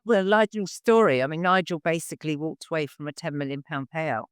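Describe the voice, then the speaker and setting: A man's voice: on the high side, brisk, fairly bright tone, clean tone, no room sound, studio quality. A man hosting a podcast interview, talking in a rambling, reflective way with lots of restarts. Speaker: podcast host. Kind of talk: conversational interview.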